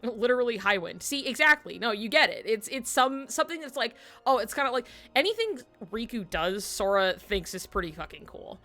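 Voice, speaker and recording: Talking a little fast with hardly a pause, a woman with a fairly high voice chats and giggles through animated stories while playing a video game on a home stream. Soft music plays underneath.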